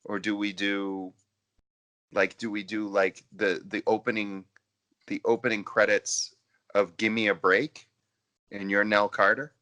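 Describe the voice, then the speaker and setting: A man co-hosting a podcast, chatting casually over drinks in an animated, rambling way with lots of fillers and restarts. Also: on the low side, measured pace, pauses often. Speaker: podcast co-host.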